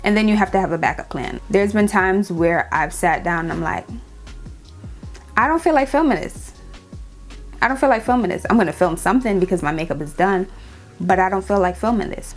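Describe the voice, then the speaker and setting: A young woman with a New York accent chatting casually in a Q&A vlog, sassy and repeating lines for emphasis. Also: on the low side. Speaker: beauty YouTuber.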